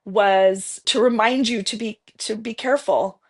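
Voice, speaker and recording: A woman in her fifties talks as a podcast guest in a loose, meandering storytelling style. She often starts over and acts out her own remembered words. Her voice sits at a mid pitch. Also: measured pace. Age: 50s. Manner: rambling, with restarts and self-quoting. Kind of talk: casual storytelling interview.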